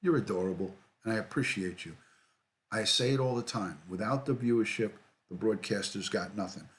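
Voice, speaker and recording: Relaxed New man reading live chat. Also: fairly low pitch, moderate pace. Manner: relaxed, repeats himself, greets viewers by name. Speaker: livestream host, retired detective. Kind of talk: casual livestream chat reading comments.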